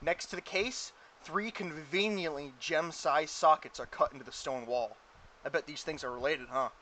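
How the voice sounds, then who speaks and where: A game master narrating a tabletop game, chatty and animated with lots of fillers. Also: mid-range voice, normal speed, rough recording.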